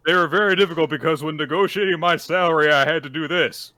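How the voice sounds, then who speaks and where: A man voicing a weary, deadpan male horse for hire who talks like a businesslike contractor. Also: on the high side, fast, crowd noise, natural voice. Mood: indignant. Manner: dry, sarcastic, businesslike.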